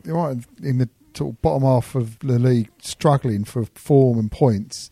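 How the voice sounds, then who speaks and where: Dark-voiced bloke on a footy podcast moaning bluntly, dry close sound. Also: male voice, mid-range voice, measured pace, creaky, slightly rough, no room sound. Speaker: podcast co-host. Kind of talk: casual football podcast chat.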